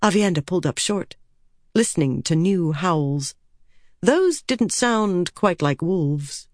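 A woman narrating an audiobook chapter in a measured, steady way. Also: fairly low pitch, no room sound, clean studio sound. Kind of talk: scripted narration.

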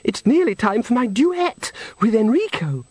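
A man's voice: very high-pitched, big pitch swings, normal speed, darkish tone, breathy edge, no room sound, pitched above the performer's own voice, heavily acted. A man voicing a flighty, self-absorbed young female singer in a storybook reading. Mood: impatient.

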